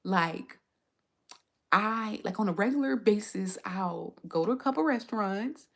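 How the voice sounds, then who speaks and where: A woman's voice: medium pitch, expressive, measured pace, creaky, a bit bright. A young woman chatting casually on a livestream, rambling through stories with frequent restarts. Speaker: food and travel content creator streaming live.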